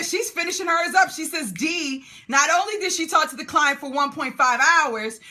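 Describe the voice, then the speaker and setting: A woman's voice: very high voice, sharp tone. A woman hosting a live call for business owners, exuberant, cheering and whooping as she reads out comments. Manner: rapid-fire when listing questions.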